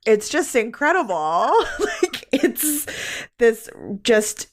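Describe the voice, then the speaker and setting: A woman hosting a podcast, casually recapping a film and laughing often as she talks. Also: a little high. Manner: laughs often while recapping, relaxed drawn-out phrasing. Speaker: podcast host.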